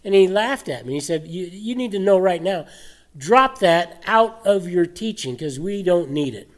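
Man, pastor, sermon, animated, rhetorical questions, somewhat high voice. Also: normal speed.

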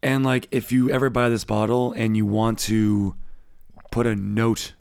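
Gravelly, mumbly podcast co-host man. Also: on the low side, unhurried, no room sound, studio quality. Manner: relaxed, chatty, laughs easily. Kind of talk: casual chat.

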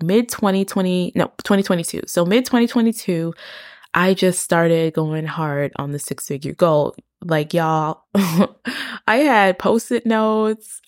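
A chatty woman hosts her own podcast, recorded close on the mic in a dead, dry room. Her voice sits a bit low for a woman, and she talks in a relaxed, confiding way, dropping in little laughs and "y'all" as she goes. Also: no echo. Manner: chatty, laughs often, many "like" and "y'all" fillers. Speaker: podcast host. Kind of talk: casual faith-based podcast monologue.

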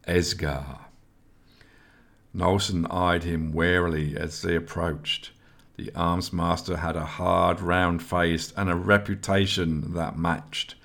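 A man giving scripted audiobook narration in a steady storytelling manner. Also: sits low, gravelly.

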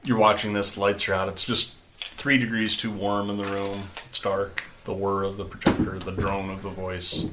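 A man's voice: on the low side, flat delivery, moderate pace, very noisy. A man narrating a tabletop game as game master, rambling and conversational, with many fillers.

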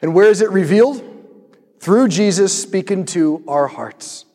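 A high-voiced man preaches to his listeners in a lively storytelling manner, repeating questions for emphasis. His voice rings through a large hall with long reverb. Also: measured pace. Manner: storytelling, animated, rhetorical repetition. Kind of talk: sermon.

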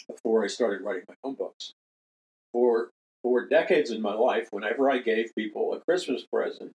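A man's voice: medium pitch, poor audio. Emphatic older man hosting a talk radio show. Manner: emphatic, repeats key phrases, earnest appeals. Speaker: radio show host and minister.

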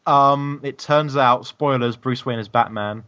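A man's voice: medium pitch, unhurried, fairly bright tone, muffled recording. A man co-hosting a casual gaming podcast, joking around with playful asides. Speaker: podcast co-host. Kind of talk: casual podcast chat about games.

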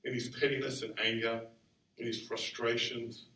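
Animated preacher in an echoing church. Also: male voice, medium pitch, moderate pace. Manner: animated, conversational, acts out quotes. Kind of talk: sermon. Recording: roomy sound from far off the mic.

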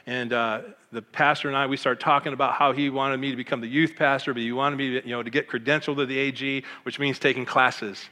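Mid-range and quick with few pauses, this middle-aged Michigan pastor speaks in a large hall. His personal testimony recounts his life with animated emotion, and he voices the people he quotes.

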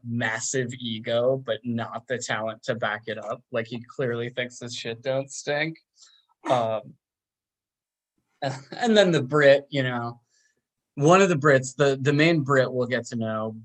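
Male podcast co-host from Long Island, unhurried, chatty recapper who acts out the characters' lines. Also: a bit bright. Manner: laid-back, chatty, acts out characters' lines with big jumps in pitch. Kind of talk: casual chat.

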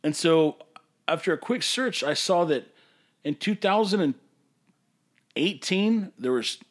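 In a fairly high, animated voice, a man who owns a brewery rants on his podcast without rushing. The monologue is casual but emphatic and passionate, occasionally rising to a holler.

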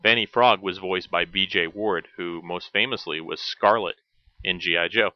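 A man narrates a scripted look back at old cartoons, his voice low and deep. He slips in wry, dry jokes between the facts. The recording is close and dry, with a slightly dull, lo-fi tone. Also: normal speed, dry recording. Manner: wry, with dry joking asides. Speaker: host.

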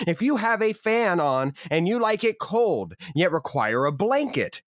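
A man's voice: fairly high pitch, huge pitch swings, a little slow, hardly any pauses, dry recording, studio quality. A man co-hosting a podcast, riffing in a rambling, jokey way with mock-grand declarations. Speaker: podcast co-host. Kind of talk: casual comedic podcast chat.

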